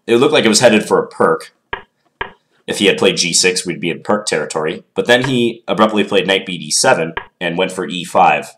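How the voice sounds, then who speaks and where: Low-voiced stuffed-up man talking through a chess game. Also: a bit bright. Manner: thinking aloud, hedging with ums. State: stuffed up from a cold. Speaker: chess commentator. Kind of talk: casual game analysis.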